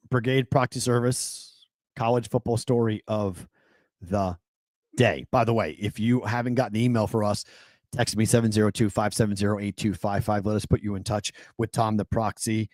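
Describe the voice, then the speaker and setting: Excitable sports radio host, dry studio. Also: male voice, on the low side, no echo. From New England. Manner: animated, excitable storyteller with many fillers and restarts. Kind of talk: casual sports talk storytelling.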